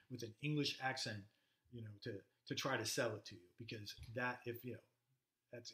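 A man giving a casual, halting literature lecture, stopping often with fillers and reading passages aloud. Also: mid-range voice, pushed and bright. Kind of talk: recorded classroom lecture. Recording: roomy echoey room.

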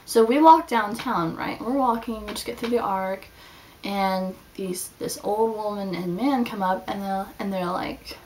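A young student vlogger chats casually in her video diary, rambling through her week with lots of "like." Her voice is medium-pitched, fairly quick, and creaky, picked up by a slightly distant mic with faint background hiss.

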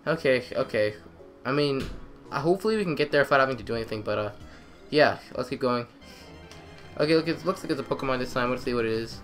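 A young man giving excitable let's-play commentary, trash-talking the game and repeating phrases in quick bursts. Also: medium pitch, faint music behind. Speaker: gamer.

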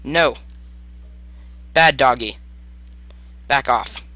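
A man's voice: medium pitch, drawn-out words, pushed and bright, no room sound. A man giving jokey let's play commentary and talking to the game. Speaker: gamer.

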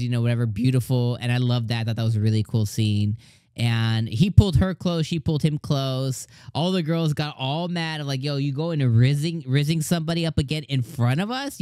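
Excited man reviewing anime. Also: medium pitch, no room sound, studio quality. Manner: enthusiastic, acts out character lines. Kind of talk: casual review monologue.

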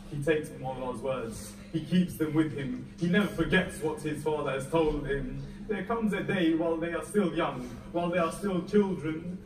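At a Muharram majlis in a mosque or community hall, a male lecturer recites Masa'ib in a high, tearful, fervent voice, narrating a story. His emotion rises to near-wailing at the peaks, heard from a distant mic in an echoey hall.

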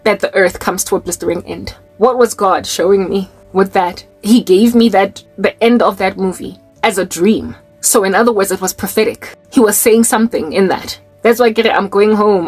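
Husky South African woman preaching. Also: mid-range voice, brisk, hardly any pauses, darkish tone, faint music behind. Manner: emphatic, repeats key phrases for stress. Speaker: Christian vlogger. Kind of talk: preachy personal testimony.

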